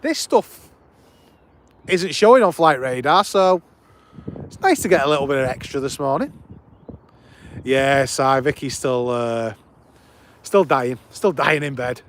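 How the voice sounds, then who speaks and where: A man at medium pitch hosts a live stream outdoors at an airport, speaking in an animated but unhurried way with long pauses. He chats casually with viewers, greets them by name and delivers enthusiastic commentary.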